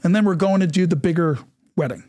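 A middle-aged man telling a story as an interview guest, animated and acting out the voices of the people in it. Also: sits high, fast, no echo, studio quality. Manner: animated, acts out quoted dialogue.

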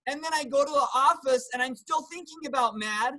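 A man talking as a guest health practitioner in a casual discussion, animated, breaking into loud acted outbursts and dropping into hushed asides. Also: extremely high pitch, brisk, low-quality recording. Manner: animated, acts out angry outbursts and quotes.

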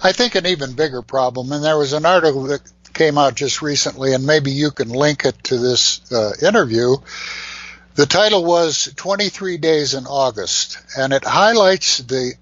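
An older man, a beekeeper guest in an interview, speaking in an emphatic, indignant and deliberate way. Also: mid-range voice, a bit bright, dry recording. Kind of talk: forceful interview commentary. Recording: muffled dry remote line.

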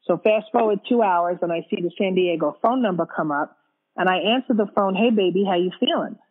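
A woman interviewed as a widow, recounting a personal story in a halting way and often repeating her words. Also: lowish voice, phone-quality sound.

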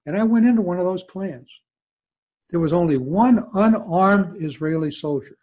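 Speaking at normal speed in a high, darkish voice, an older former diplomat with a Southern US accent guests at a storytelling talk with audience Q&A, spinning emphatic anecdotes full of digressions. The sound is lo-fi.

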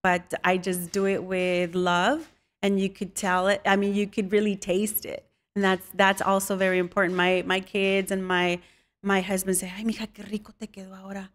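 A woman in her thirties talks casually as an interview guest. She tells stories with a lot of laughter and acts out the voices of the people in them, at an everyday middle pitch. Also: normal speed. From Mexican roots. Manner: animated storyteller, laughs often, acts out quotes. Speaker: guest, chef and content creator.

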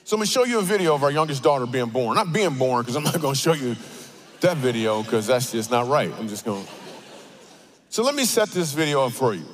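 A man preaching a comedic sermon in a church auditorium, telling stories with animated, playful asides. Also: mid-range voice, fairly quick. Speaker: guest speaker.

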